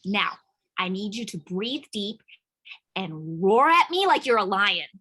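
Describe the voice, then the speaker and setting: A woman's voice: mid-range voice, very animated, measured pace, pushed and bright, slightly rough, exaggerated voice. A woman playing a dreamy, playful young child in a staged play reading. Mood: coaxing. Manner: playful, coaxing.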